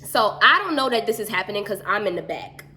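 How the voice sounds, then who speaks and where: A woman telling a story in a casual chat, animated and slangy. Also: medium pitch, fast talker, a little hiss or hum.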